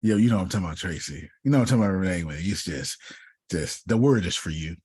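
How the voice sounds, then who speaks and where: A man's voice: sits low, fast talker, breathy edge, no room sound, clean studio sound. A man giving a motivational talk to a group, telling stories and calling listeners by name. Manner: animated storytelling, calls listeners by name. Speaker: speaker coaching authors.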